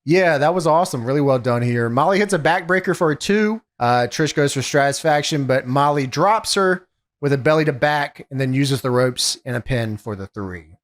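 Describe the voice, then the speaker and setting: A man co-hosting a podcast, giving a steady, casual play-by-play recap of wrestling matches. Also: mid-range voice, normal speed. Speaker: podcast co-host.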